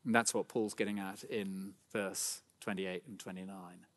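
A man's voice: low-pitched, steady tone, moderate pace, fairly bright tone, long reverb tail. A middle-aged man preaching a sermon in a church, earnest and building to fervent emphasis. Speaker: pastor.

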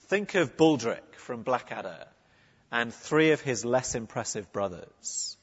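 A man's voice: medium pitch, animated, unhurried, breathy edge. A man preaching a sermon in a church, conversational and earnest, often restarting his sentences. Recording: muffled, with a long church reverb.

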